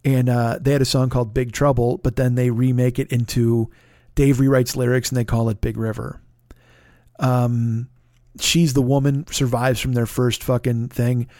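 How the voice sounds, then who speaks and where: A man hosting a podcast, chatting casually about music as an excitable fan who swears constantly and gushes with enthusiasm. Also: mid-range voice, moderate pace, dry recording, clean studio sound. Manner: excitable, heavily profane, fan gushing. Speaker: podcast host.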